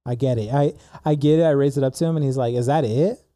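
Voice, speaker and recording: Young man rambling through a story, dark voice. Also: medium pitch, rapid-fire, dry recording, studio quality. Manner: rambling, animated storyteller with many "like"s. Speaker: podcast co-host. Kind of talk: casual storytelling chat.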